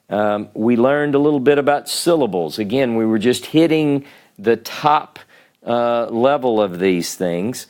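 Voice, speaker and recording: Slow, measured male teacher. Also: mid-range voice, a little mellow. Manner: slow, measured, with many ums and pauses. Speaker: Hebrew teacher. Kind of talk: classroom lecture. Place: classroom.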